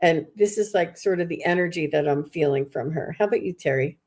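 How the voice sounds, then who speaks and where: A woman's voice: lowish voice, fairly quick, a little mellow. A woman hosting a live psychic reading, talking in a chatty, rambling way with many fillers and restarts. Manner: chatty, filler-heavy, restarts mid-sentence. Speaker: psychic medium host.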